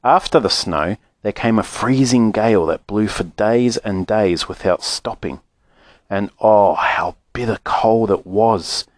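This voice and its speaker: A man narrating a children's book aloud in an expressive, animated way. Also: fairly low pitch, no echo, studio quality. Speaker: audiobook narrator. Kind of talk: storybook narration.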